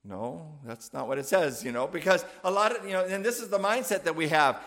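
A man gives a sermon in a brisk, animated way, with a fairly high pitch, a fairly bright tone, and hardly any pauses. His style is conversational, full of fillers and frequent "right?" and "you know" check-ins.

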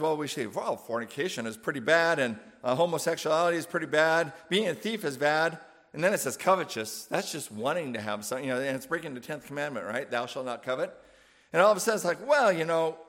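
A man whose voice sits on the high side, with a fairly bright tone, preaches a sermon conversationally. He uses frequent fillers and keeps checking in with "right?" and "you know."

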